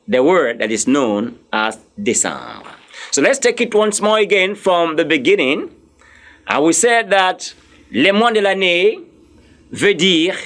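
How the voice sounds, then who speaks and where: A male French teacher, drilling vocabulary slowly and spelling words out letter by letter. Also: on the high side, a bit bright. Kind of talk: classroom lesson, drilling vocabulary.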